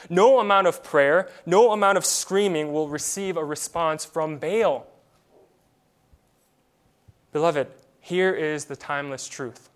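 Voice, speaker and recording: A man preaching a sermon as a pastor. He leans on rhetorical questions and drops to a quiet voice for effect, sometimes repeating words as he starts a thought. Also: on the high side.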